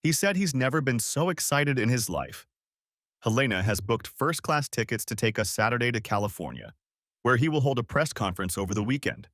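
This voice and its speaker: An eager young wife spills over with excitement, her voice swinging up and down as she fires off questions, voiced by a man narrating the story. The read is dry and close, with no room around it. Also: mid-range voice, fairly quick, no echo, natural voice. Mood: thrilled. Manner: gushing, breathless questions. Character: excited young woman, wife dazzled by wealth.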